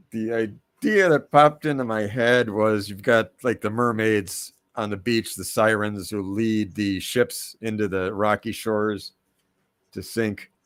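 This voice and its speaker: A man, a guest cartoonist, chatting casually on a live stream and pitching a comic idea with wry teasing. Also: a bit bright.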